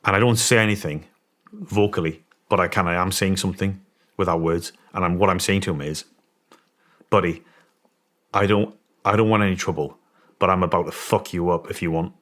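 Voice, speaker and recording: A man's voice: sits low, a little fast, long pauses, a bit bright. A man telling a story in casual conversation as a guest, rambling with many restarts and emphatic points. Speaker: guest, former special forces soldier.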